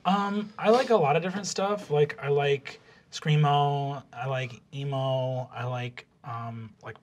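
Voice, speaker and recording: A man's voice: fairly high pitch, fairly even intonation, a little slow, pitched below the performer's own voice, close to an everyday voice. A man voicing an awkward teenage girl with a sinister streak, talking in hesitant, rambling bursts full of fillers. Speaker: game master.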